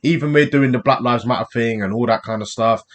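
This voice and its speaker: A man's voice: medium pitch, fairly quick. A British man hosting a reaction video, talking casually and bluntly to viewers and often calling them "man". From United Kingdom. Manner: chatty, blunt, addresses viewers directly with "man". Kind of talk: casual chat.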